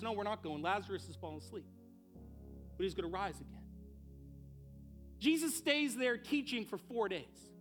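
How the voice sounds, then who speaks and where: A man's voice: high-pitched, fairly bright tone. A man preaching a sermon as pastor, acting out the people in the story and building to impassioned peaks. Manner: acts out quoted voices in dialogue.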